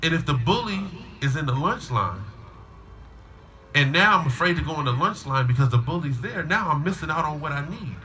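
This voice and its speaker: A man's voice: a little high, animated, brisk, pushed and bright, a little hiss or hum. A middle-aged man, a school coach, giving a storytelling graduation speech to students and parents. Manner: storytelling, acts out a child's whiny voice in quotes.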